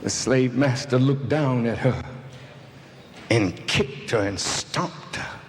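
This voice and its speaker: A man giving an impassioned speech, deliberate and building to shouted peaks. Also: mid-range voice. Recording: archive recording with long hall reverb and faint noise.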